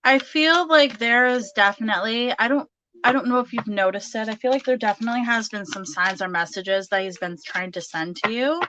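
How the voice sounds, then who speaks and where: A woman's voice: a little high, a little fast, sharp tone, lo-fi sound, slight background noise. A woman giving a casual tarot reading, chatty and full of fillers, laughing often. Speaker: tarot reader.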